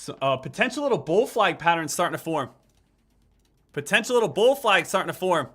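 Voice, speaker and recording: A man's voice: fairly high pitch, big pitch swings, brisk, a bit bright, husky. A man hosting a live stock trading stream, chatting casually and repeating each ticker call over and over. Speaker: stock trading livestream host.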